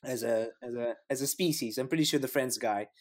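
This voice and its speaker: A man's voice: medium pitch, a little fast. A man co-hosting a podcast, telling a loose story in casual chat with many restarts and repeated words. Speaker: podcast co-host.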